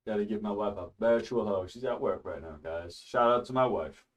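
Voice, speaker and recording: A man's voice: lowish voice, distant mic. A man hosting a casual study stream from home, chatty and loose, laughing and restarting his sentences as he talks. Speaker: streamer teaching a networking course.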